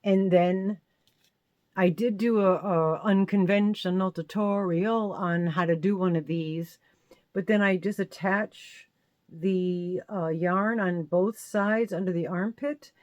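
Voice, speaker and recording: A chatty woman hosts a casual crochet show-and-tell, her voice sitting a little low for a woman. She rambles and corrects herself, laughing a little along the way. The sound is dry and close, with no room echo. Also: steady tone, slow, darkish tone, highs cut off. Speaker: crochet channel host.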